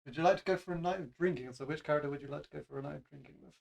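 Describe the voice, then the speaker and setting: Brief: man, voice a bit high, short easygoing questions in a casual chat. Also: very fast, creaky. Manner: brief, agreeable replies and questions. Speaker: co-host asking questions.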